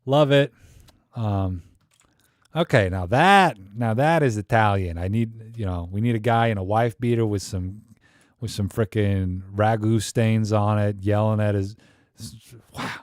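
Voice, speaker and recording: A man's voice: on the low side, measured pace, no room sound. Joking man in a dry close room. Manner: joking, rambling, thinks aloud with many fillers. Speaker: livestream host critiquing viewer photos. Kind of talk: casual live-stream chat.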